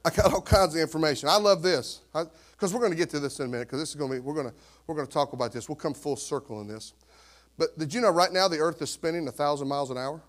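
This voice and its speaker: A pastor in his fifties preaches a sermon with a fairly high voice at a quick pace. He is animated and conversational, packing his delivery with rhetorical questions.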